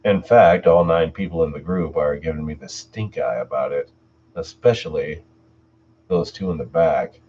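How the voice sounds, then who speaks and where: Deep-voiced man reading horror stories. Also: moderate pace, darkish tone, a little hiss or hum. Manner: chats casually with viewers between stories. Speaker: channel host and story narrator. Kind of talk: reading horror stories aloud on a live stream. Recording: distant mic, dull lo-fi sound.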